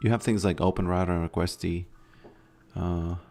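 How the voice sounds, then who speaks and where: Male streamer, deep voice, relaxed chatty delivery over faint music. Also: normal speed, creaky. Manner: laid-back, answering chat, trailing off mid-sentence. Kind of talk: casual livestream chat while gaming.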